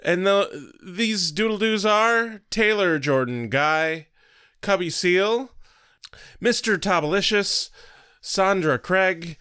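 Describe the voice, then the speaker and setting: A man's voice: high-pitched, lively intonation, slow pace, sharp tone, smooth. A man co-hosting a comedy podcast, chatting casually and laughing often as he talks. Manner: laughs often while talking. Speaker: podcast co-host.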